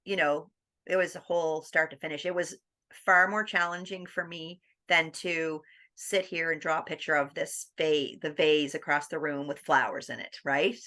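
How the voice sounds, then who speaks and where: A woman guest on an interview podcast, telling her story in a lively, animated way. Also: low-pitched, moderate pace. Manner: animated, acts out quoted dialogue with laughs.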